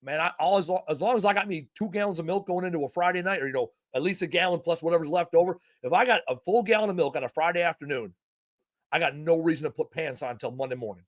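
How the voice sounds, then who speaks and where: A man's voice: on the high side, fast. A man hosting a podcast in casual chat, talking in an emphatic, folksy way and swearing freely. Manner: animated, emphatic, folksy and profane. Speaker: podcast host.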